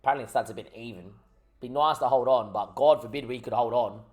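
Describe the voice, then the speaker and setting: A man's voice: medium pitch, quick pace, a little mellow. A young man giving frustrated, rambling commentary over his own gameplay, swearing often. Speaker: gaming YouTuber.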